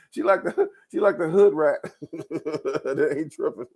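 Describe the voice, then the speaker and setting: A man hosts his own show and rants through loose commentary, swearing often, repeating words and laughing a lot. His voice is a little high, slow and somewhat mellow, with a breathy edge. He rambles freely.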